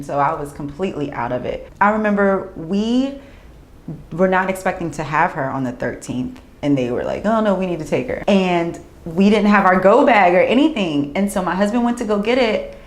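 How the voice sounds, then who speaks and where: Young woman, new mom, chatty interview voice with an echoey room sound. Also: on the low side. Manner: emotional, laughs and tears up while talking; chatty, acts out her own inner voice. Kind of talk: candid documentary interview.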